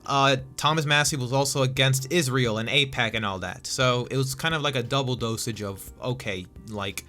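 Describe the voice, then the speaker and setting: A young male vlogger rants about politics in a loose, profane way, stammering and restarting as he goes. His voice is bright and forceful, and faint music plays underneath. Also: medium pitch, normal speed. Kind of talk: casual political rant.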